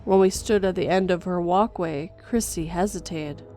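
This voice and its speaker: A woman reading a first-person horror story in a steady storytelling voice, going gentle for a mother's lines. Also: on the low side, normal speed. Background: faint music.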